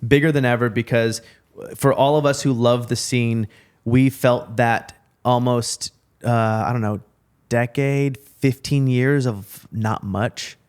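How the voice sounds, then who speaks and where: A man co-hosting a podcast in casual chat, talking excitedly and rambling, with casual swearing. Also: medium pitch, slow, smooth. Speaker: podcast co-host.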